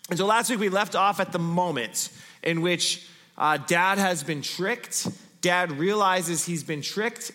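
A male pastor preaching a sermon, retelling a scripture story with pauses, then going softer and slower when reading the passage aloud. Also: on the high side. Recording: long hall reverb.

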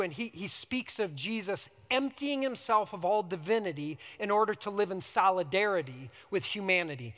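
A man preaching a sermon as pastor, animated, swinging from loud emphasis to hushed, prayerful quiet. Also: high voice, in a large hall.

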